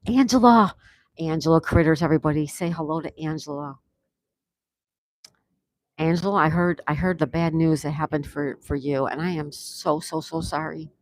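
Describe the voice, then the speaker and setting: A woman's voice: low-pitched, moderate pace. A woman hosting a casual outdoor live stream, reading viewer comments aloud and chatting back to them. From USA. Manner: reads viewer comments aloud and chats warmly. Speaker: livestream host.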